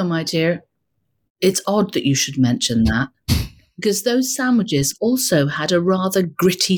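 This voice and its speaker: A woman's voice: on the low side, voice pushed down. A woman improvising a prim, genteel older village lady with a sinister streak, in a mock-innocent comic manner. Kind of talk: improvised comic role-play.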